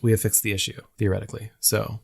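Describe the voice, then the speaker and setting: A man's voice: fairly low pitch, level tone, quick pace, gravelly, darkish tone, husky. A man co-hosting a podcast in casual chat, rambling with many fillers. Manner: rambling, full of fillers and self-corrections. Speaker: podcast co-host.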